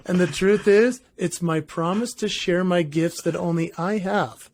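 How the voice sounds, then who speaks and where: A man's voice: high voice, unhurried, hardly any pauses, a little hiss or hum. A man, a performer and author, telling stories animatedly as a guest in a casual interview. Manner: animated storyteller.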